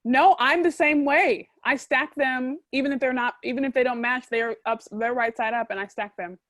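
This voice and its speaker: A woman hosts a casual video-call interview and runs through quick questions with a teasing, playful edge. Her voice sits a little high. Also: steady tone, a bit bright. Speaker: host.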